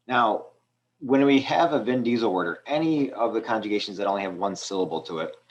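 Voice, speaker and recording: A male teacher patiently walking students through a language exercise step by step, with frequent ums. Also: fairly low pitch. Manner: patient, explaining step by step with fillers. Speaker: Spanish teacher. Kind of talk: screen-recorded lesson walkthrough.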